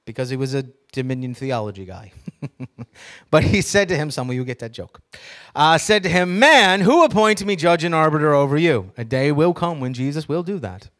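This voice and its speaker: A man preaching a sermon in a slightly higher voice than most men. He reads scripture aloud with emphasis and keeps asking his listeners questions. Now and then he drops a joking aside. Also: expressive, moderate pace, a bit bright. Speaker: pastor.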